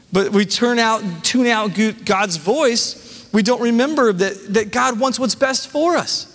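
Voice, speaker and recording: A male pastor in his thirties preaches, reading scripture aloud and breaking off for personal asides. His voice sits high for a man. The sound carries the long reverb of a church hall. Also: slow pace, fairly bright tone. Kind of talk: sermon.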